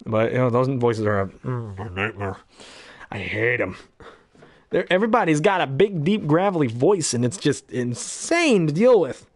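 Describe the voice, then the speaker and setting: A man's voice: medium pitch, big pitch swings, moderate pace, dry recording, studio quality. A man talking casually about his favorite voices, rambling and chatty between impressions. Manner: chatty, rambling, full of ums and throat-clearing. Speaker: hobby voice actor.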